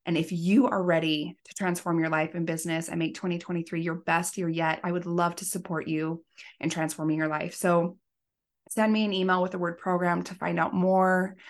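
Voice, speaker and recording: A woman's voice: fairly low pitch, vocal fry. A woman in her thirties, a life coach and podcast host, telling a personal story in an earnest, emotional way. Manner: emotional, earnest, tearful at times. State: pregnant.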